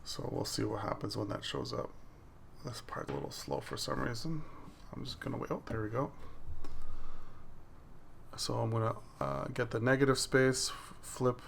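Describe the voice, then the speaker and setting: A man with a gravelly, creaky voice talks casually over a recording of his digital painting, walking through each step as it happens. A faint hiss sits under his voice. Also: mid-range voice, expressive, normal speed, pauses often, fairly bright tone. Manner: explains each step as the work plays on screen. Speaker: digital artist. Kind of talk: casual voice-over of a drawing process video.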